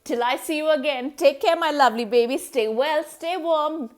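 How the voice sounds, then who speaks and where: A woman's voice: high voice, moderate pace, faint music behind. A woman telling a children's story in a sing-song manner, making animal noises and asking a young listener questions.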